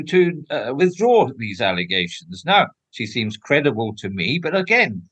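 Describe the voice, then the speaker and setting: An older man giving outspoken, emphatic answers in an interview. His pitch swings widely as he stresses points, and he often restarts sentences. He speaks at a middle pitch for a man. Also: a bit bright. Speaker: former royal protection officer, guest.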